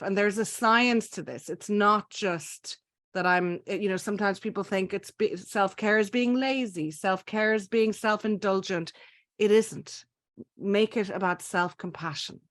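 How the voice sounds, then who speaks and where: Soft-spoken Irish woman guiding a meditation. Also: mid-range voice. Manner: gentle, soothing, slow guiding. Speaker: webinar presenter. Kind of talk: guided self-compassion exercise.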